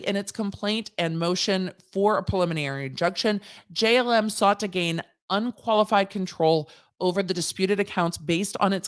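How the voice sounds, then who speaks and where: A woman lawyer hosting a casual legal commentary livestream, chatty and digressive, laughing at her own jokes. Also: low voice.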